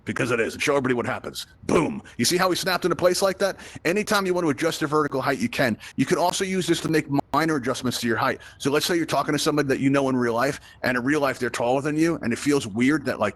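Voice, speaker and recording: A man's voice: mid-range voice, a bit bright. A man with a Brooklyn accent hosting a live virtual reality tutorial, chatty and upbeat, checking in with the audience with frequent "right?" asides as he demonstrates. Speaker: VR event host and instructor. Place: virtual reality event space.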